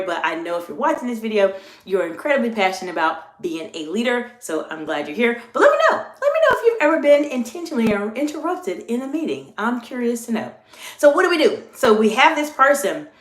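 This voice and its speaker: A woman executive communication coach giving a live coaching talk, earnest and repetitive, slowing down to model the phrases she teaches. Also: medium pitch, a bit bright. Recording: echoey room.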